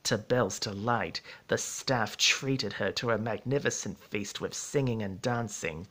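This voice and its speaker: A man narrating a storybook in a measured, steady reading voice. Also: on the low side.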